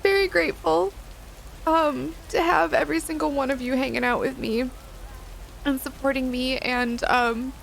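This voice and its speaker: A woman streamer with a high voice talks casually to her live chat. She is gushing and giggly and says y'all often. Faint background noise sits under her voice. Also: fairly even intonation, normal speed, creaky, poor audio. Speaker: livestreamer. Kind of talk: casual livestream chat thanking viewers.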